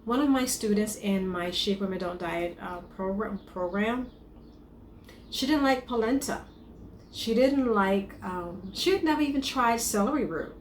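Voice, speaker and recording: Woman chef-coach, mid-pitched, casual advice to camera, reverberant room. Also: animated, a little slow. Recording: echoey room with faint noise.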